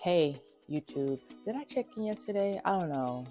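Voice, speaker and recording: A woman's voice: fairly low pitch, lively intonation, normal speed, dark tone, faint music behind. Chatty young woman vlogging from her car. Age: young adult. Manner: chatty and rambling, ranting and swearing when angry. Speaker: vlogger, dental hygiene student. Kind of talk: casual vlog, talking while driving. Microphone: phone with plug-in mic.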